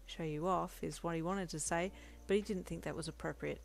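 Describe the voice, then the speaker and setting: A woman reading a fanfiction story aloud in steady, gentle second-person narration. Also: sits low, normal speed, gravelly. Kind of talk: scripted narration.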